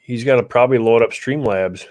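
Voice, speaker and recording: A man's voice: medium pitch, fairly quick, a little mellow. An easygoing man hosts a casual livestream from a rural homestead. He chats with viewers and patiently explains how to join. His voice is close and dry, with no room echo. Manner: easygoing, talks viewers through joining the stream.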